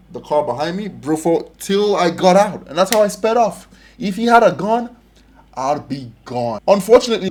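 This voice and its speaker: A man's voice: high-pitched, darkish tone. A young man hosting a casual reaction video, telling stories emphatically and laughing often.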